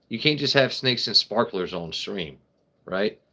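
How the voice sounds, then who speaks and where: A man's voice: fairly low pitch, animated, a little slow, vocal fry, sharp tone. A man hosting a casual live stream, rambling, joking with his chat and swearing freely. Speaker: livestream host.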